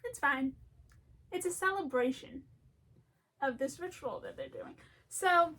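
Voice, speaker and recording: A young woman rambling in a chatty, animated way as she comments on a favorite topic, laughing often along the way. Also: high voice, measured pace. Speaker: video essayist.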